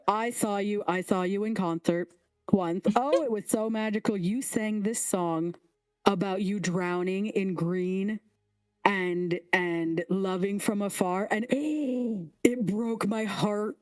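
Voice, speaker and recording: A woman's voice: medium pitch, slow, a little mellow, no room sound, studio quality, lightly acted. A woman voicing a fawning, flustered male frog-folk king with a gushing, theatrical manner and little gasps. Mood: starstruck.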